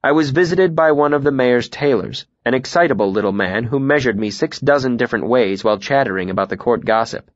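A man reading a first-person novel aloud in a calm, even, reflective way. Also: medium pitch, fairly quick, few pauses, no echo, muffled recording. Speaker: audiobook narrator.

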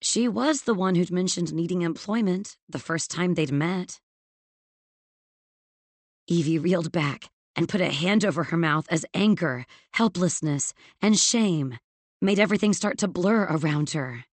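A woman narrating a novel in a measured, expressive storytelling manner. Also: lowish voice, no room sound. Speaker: audiobook narrator. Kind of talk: scripted narration.

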